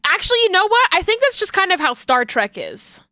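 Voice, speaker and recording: A woman's voice: extremely high pitch, big pitch swings, fairly quick, pushed and bright, dry recording, studio quality. A woman streaming live, chatting casually and playfully with her viewers and giggling while she works. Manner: playful and giggly, talks to chat while working.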